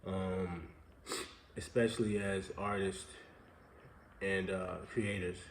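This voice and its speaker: A man's voice: low-pitched, slow. A man with a nasal, stuffed-up voice from sinus trouble, talking casually and rambling about motivation. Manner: relaxed, rambling with fillers. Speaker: co-host. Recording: echoey room with faint ambient noise.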